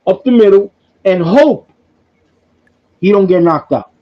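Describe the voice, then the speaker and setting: Man host, high voice, muffled sound, animated profane storyteller. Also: unhurried, a little hiss or hum. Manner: excitable, profane, repeats himself.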